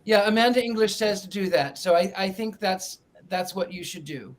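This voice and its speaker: A man on a paranormal investigation team, speaking in a gentle, reassuring way. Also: high voice, normal speed.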